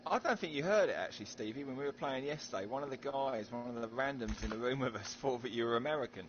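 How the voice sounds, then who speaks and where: A man's voice: medium pitch, fast, faint music behind. A man with a London accent telling stories in casual gaming banter, chatty and full of slang. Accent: London English. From England. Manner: chatty storyteller, animated, British slang. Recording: lo-fi voice chat with noise.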